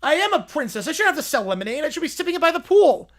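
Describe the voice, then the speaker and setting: A man's voice: very high voice, sing-song, very fast, voice pushed up. A man voicing whiny, spoiled little kids who demand and complain. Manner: whining, demanding.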